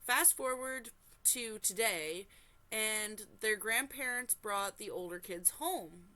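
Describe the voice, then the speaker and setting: Here a woman who hosts a reaction channel takes her time reading a forum post out loud, her mid-range voice sounding bright and forward. Again and again she breaks off for lively exclamations and apologies.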